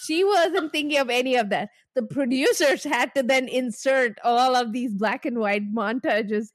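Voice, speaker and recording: A woman's voice: high-pitched, normal speed, no echo. A woman co-hosting a podcast, chatting casually and sarcastically about reality TV, acting out quoted remarks. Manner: sarcastic, animated storytelling with quoted asides. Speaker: podcast co-host.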